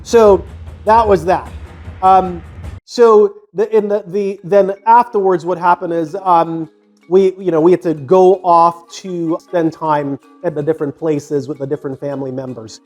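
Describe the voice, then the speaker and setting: A man from the United States, around his fifties, rambles through a personal anecdote full of fillers and restarts. His voice sits high for a man, and soft music plays faintly underneath. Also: fairly even intonation, unhurried, dull audio. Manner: rambling, many fillers and restarts, acts out quotes. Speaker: vlogger telling his life story. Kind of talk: casual storytelling monologue.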